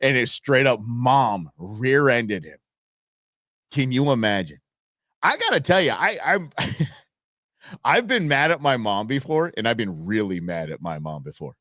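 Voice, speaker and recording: Male host, casual live chat, animated swings, dry mic. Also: mid-range voice, unhurried, dry recording. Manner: animated storytelling, folksy with y'all. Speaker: father. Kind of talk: live show reaction and chat.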